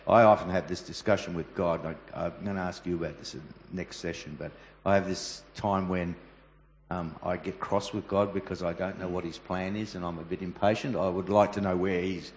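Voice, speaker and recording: Deep guy asking faith questions, hesitant, roomy hall w faint background hum. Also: steady tone. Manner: halting, searching for words. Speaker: interviewer at a church event. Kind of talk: hosting a public Q&A. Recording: echoey hall with faint ambience.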